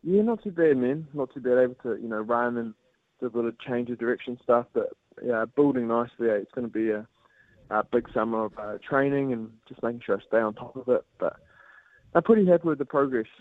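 A man's voice: mid-range voice, brisk, no room sound. Young kiwi guy calling in on a tinny phone line, easygoing and chatty, dry sound. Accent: New Zealand. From New Zealand. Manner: relaxed, laughs along with banter. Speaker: guest on the phone. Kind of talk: casual radio chat.

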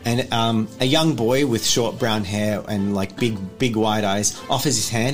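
A man narrating a tabletop role-playing game as game master, in a rambling, relaxed manner full of fillers. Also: fairly low pitch, normal speed, few pauses, soft background music.

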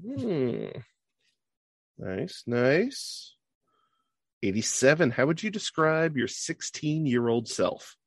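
Lively, playful male interview host. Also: a little high, slow pace, gravelly, pauses often, no room sound. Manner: playful, upbeat, jokey reactions. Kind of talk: rapid-fire question interview. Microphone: video call.

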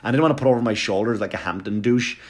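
A man doing stand-up, telling a long story in a quick, animated, profane way. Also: lowish voice. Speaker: stand-up comedian.

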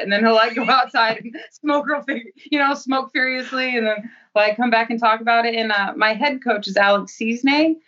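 Blunt, bright-voiced woman fighter, far from the mic. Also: a little high, normal speed, lo-fi sound. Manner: blunt, profane, self-assured. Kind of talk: interview answers.

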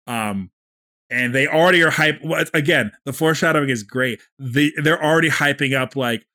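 A man's voice: on the high side, normal speed, sharp tone. A man co-hosting a podcast, talking enthusiastically with lots of filler "like"s. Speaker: podcast co-host. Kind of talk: casual chat.

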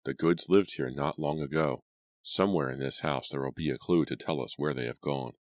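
A man with a very deep voice playing an obsessed, furious frontier father who gives stern, booming commands in an audiobook. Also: moderate pace, no room sound, clean studio sound. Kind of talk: audiobook character voice.

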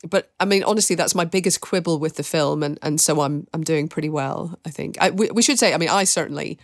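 A woman's voice: sits low, fast, no room sound, studio quality. A woman hosting a film podcast, talking in casual review chat and thinking aloud in long, winding, reflective sentences. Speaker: podcast host and film critic.

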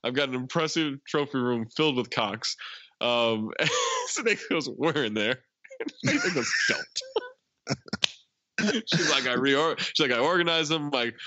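A man's voice: mid-range voice, lively intonation, normal speed, bright, forceful tone, no room sound, dull audio. A man co-hosting a casual movie podcast, retelling film scenes with lots of laughter. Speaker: podcast co-host.

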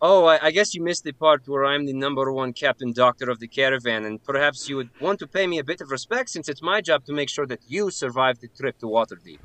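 A man voicing a pompous, self-important male caravan doctor who talks high and loud. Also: expressive, fast talker, few pauses, dry recording, close to an everyday voice.

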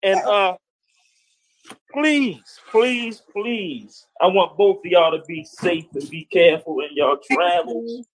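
A man's voice: high voice, lively intonation, takes it slowly, slightly rough, poor audio. A man hosting a live talk show, wrapping up with casual, playful banter.

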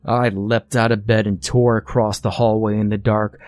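A man narrating a first-person horror story in a measured, expressive storytelling manner. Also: on the low side, no room sound, faint music behind.

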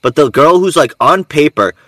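Lively ranting American man. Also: a little high, normal speed, no echo. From United States. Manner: profane, ranting, many fillers. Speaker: podcast co-host. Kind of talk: casual chat.

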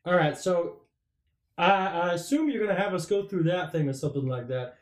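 A man's voice: sits high, lively intonation, brisk. A man playing a tabletop game, jokey and swearing often. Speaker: player. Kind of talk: casual tabletop role-play chat. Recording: echoey room.

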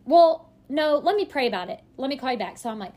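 A woman in her thirties, a podcast guest, telling a story in lively casual chat and acting out what other people said. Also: high-pitched. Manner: lively, quick to act out other people's lines.

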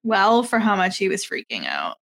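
A woman's voice: mid-range voice, huge pitch swings, normal speed, creaky, fairly bright tone. A woman co-hosting a podcast in casual chat, hesitant and full of fillers. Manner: hesitant, many fillers and restarts. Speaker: podcast co-host.

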